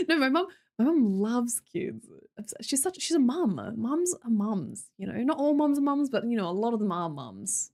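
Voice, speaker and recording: A young woman with an Australian accent chats with her live stream viewers, reading their comments aloud and cracking jokes. Her pitch swings widely as she talks, and her chatty, teasing manner keeps things loose and playful. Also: big pitch swings, measured pace, darkish tone. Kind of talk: casual chat with live viewers.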